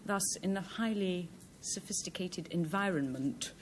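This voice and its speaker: Measured woman giving a definition. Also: lowish voice, slight background noise. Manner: measured, explaining. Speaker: panelist. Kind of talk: bluffing definition on a panel game.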